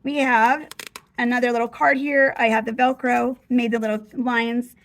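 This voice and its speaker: A woman's voice: a little high, little pitch movement, normal speed, fairly bright tone. A middle-aged woman chatting casually and gushing as she flips through her handmade craft journal. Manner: chatty, gushing, restarts mid-phrase.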